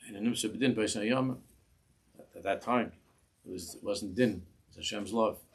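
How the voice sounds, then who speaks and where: A man who is a rabbi giving a Torah class in a synagogue, speaking passion, often repeating and restarting words and slowing down on quoted phrases. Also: lowish voice, breathy edge.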